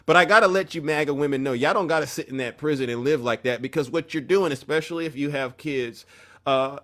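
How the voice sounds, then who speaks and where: A man's voice: on the high side, fairly bright tone. A man hosting an opinion commentary show, talking emphatically in a preachy tone and often breaking off mid-sentence. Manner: emphatic, preachy, self-interrupting.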